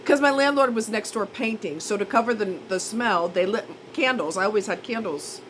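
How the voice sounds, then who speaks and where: A woman's voice: medium pitch, moderate pace, a bit bright, a little hiss or hum, low-quality recording. A woman telling a rambling, self-mocking story in a chatty, casual way. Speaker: vlogger.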